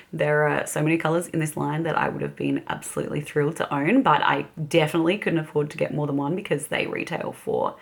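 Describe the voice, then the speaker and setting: A woman's voice: low voice, creaky, fairly bright tone. An Australian woman chatting casually as a beauty vlogger while doing her makeup, giggling often. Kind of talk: casual get-ready-with-me chat.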